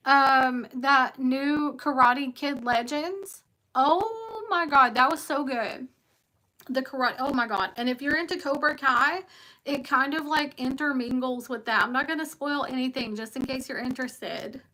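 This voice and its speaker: A high-voiced woman with a West Virginia accent chats with her livestream viewers as a tarot reader. Her tone is bright and her delivery unhurried. She rambles from one story to the next and greets commenters by name. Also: poor audio. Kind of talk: casual livestream chat.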